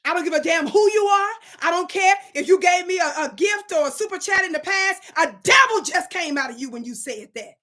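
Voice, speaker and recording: Woman, livestream host, emphatic preacher-like commentary, bright tone. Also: very high voice, animated, brisk, hardly any pauses. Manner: emphatic, preacher-like, scolds the chat. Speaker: online show host.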